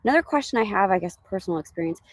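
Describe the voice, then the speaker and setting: A woman's voice: medium pitch, animated, racing. A woman hosting an online event and putting questions to the guest. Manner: friendly, asks questions. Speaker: event host.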